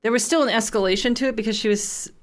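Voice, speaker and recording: A woman streamer with vocal fry, chatting casually and swearing freely while she plays a game. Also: a little high, quick pace.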